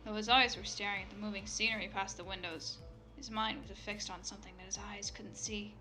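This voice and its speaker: A woman reads a game's story aloud in a bright, medium-pitched voice. She drops out of the narration now and then for swearing asides. Faint music sits in the background. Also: fairly even intonation, brisk. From United States. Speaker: fan reader of a game story. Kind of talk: casual dramatic reading.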